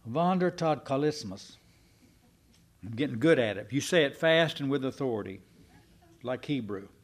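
A man's voice: mid-range voice, animated, a little fast. A man preaching a sermon, folksy and self-deprecating with his congregation. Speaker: pastor.

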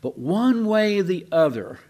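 A man teaching the Bible in a relaxed, conversational way, musing aloud and leaning hard on key words. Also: sits high, a little slow.

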